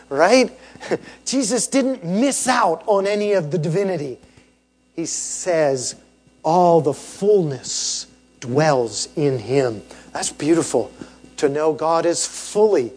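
High-voiced, unhurried preaching man. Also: darkish tone, slightly rough. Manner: emphatic, asks the congregation rhetorical questions and tags "right?". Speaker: pastor. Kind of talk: sermon.

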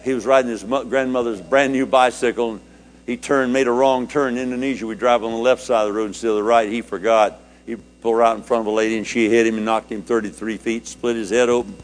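An older male preacher tells a personal story during a sermon, speaking fast, his voice rising high with feeling and then falling low and quiet. Aside from those shifts, his pitch moves little.

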